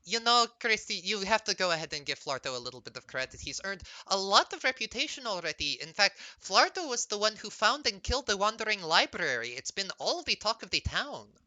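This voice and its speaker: A man's voice: high-pitched, sing-song, fairly quick, hardly any pauses, bright, forceful tone, no room sound. A man narrating as game master in a loose, filler-heavy way.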